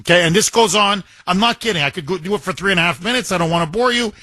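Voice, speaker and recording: A man's voice: high voice, very fast, pushed and bright, dry recording. A man hosting a talk radio show, delivering an indignant, emphatic monologue and repeating phrases for effect.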